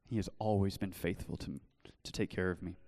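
A young man preaching earnestly in a church, telling his own story and then pleading gently with listeners. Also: deep voice, fairly even intonation, a little fast, long reverb tail. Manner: earnest, shifts from loud storytelling to soft pleading. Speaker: pastor. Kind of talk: sermon with personal testimony. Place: church hall.

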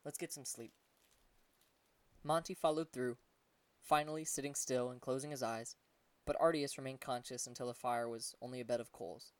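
A man's voice: mid-range voice, fairly even intonation, a little fast, clean tone, no echo, recorded from a distance. Man narrating a story, set back from the mic. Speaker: audiobook narrator. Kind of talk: scripted narration.

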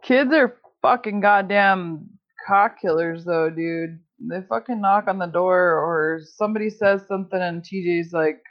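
Swearing nonstop and wandering through her stories with lots of fillers, a female podcast host chats casually. Her lowish voice runs a little slow yet barely pauses, and the sound quality is dull and lo-fi.

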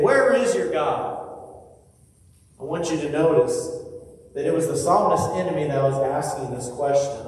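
A man preaching a sermon in a church, swinging from loud emphasis to hushed tones. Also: on the high side. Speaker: pastor. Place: church sanctuary. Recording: echoey hall from far off.

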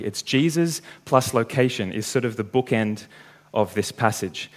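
Man, preacher, sermon, mid-pitched voice, steady teaching delivery, reads scripture aloud. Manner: explains verse by verse, reading scripture aloud.

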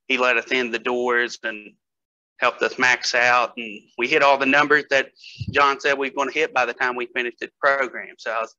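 Male guest, casual storyteller, sharp bright voice, middle pitch. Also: fairly even intonation, moderate pace, dull audio. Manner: storytelling, laughs often, hesitant fillers. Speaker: guest strength athlete. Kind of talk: casual podcast chat.

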